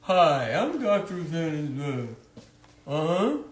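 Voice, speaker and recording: A man voicing a slick male doctor who pitches his supplements in a smooth, salesy voice. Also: sing-song, drawn-out words, distant mic, noisy background, exaggerated voice. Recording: roomy echo.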